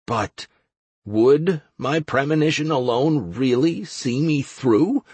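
Slow, husky male audiobook narrator. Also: mid-range voice, expressive, a little mellow, no room sound. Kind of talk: first-person fiction narration.

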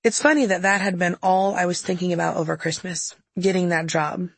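Woman reading her memoir, wry and candid, kinda husky, super dry close mic. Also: on the low side, brisk, no room sound. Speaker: memoir narrator. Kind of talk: audiobook memoir narration.

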